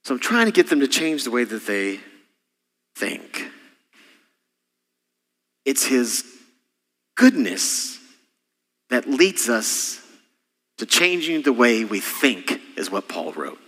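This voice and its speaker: A middle-aged man preaching a sermon as senior pastor, impassioned, with sudden soft drops. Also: mid-range voice, very animated, a little slow, big-room sound.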